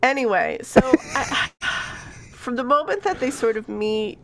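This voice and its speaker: A woman's voice: fairly high pitch, animated, a little slow, fairly bright tone, slight background noise. A woman co-hosting a book podcast, summarizing the plot casually with laughs and some swearing. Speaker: podcast co-host.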